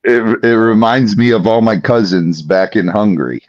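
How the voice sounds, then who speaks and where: A man with a fairly low voice co-hosts a stream chat, warmly effusive and heartfelt. The sound is dull and muffled, but dry and close. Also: moderate pace, no echo. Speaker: co-host.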